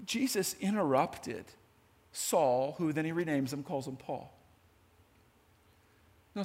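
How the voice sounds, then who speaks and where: A man preaching a sermon in a lively, conversational way, talking straight to his audience. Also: a little high. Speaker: pastor. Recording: long hall reverb.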